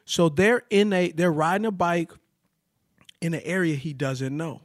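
Man, fairly high voice, dry close sound, casual chat, animated storyteller, loose and full of fillers. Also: unhurried, no echo.

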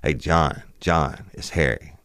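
A man's voice: very deep voice, takes it slowly, clean tone, no echo, clean studio sound. A middle-aged man, hosting a podcast and telling a police story in a profane, rambling, casual way. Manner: profane, rambling, animated retelling of a police call. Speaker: podcast host.

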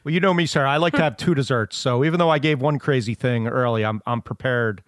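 A man co-hosting a podcast, joking in relaxed casual chat and often restarting his words. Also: mid-range voice, fast, no room sound, studio quality. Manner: jokey, relaxed, some stammering restarts. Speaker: podcast co-host.

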